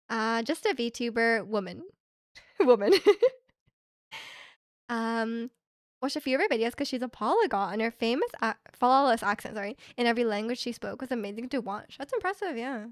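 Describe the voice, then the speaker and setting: A young woman from Canada streaming live, chatting casually and reading her chat aloud, rambling with lots of filler words and quick laughs. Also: a little high, no room sound, clean studio sound. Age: young adult. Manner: rambling, heavy use of "like" fillers, frequent laughs.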